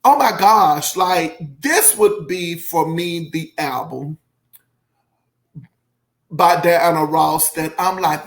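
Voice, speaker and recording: A man's voice: fairly high pitch, slow pace. A man giving a casual, effusive album review, rambling and emotional, with many fillers. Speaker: music reviewer.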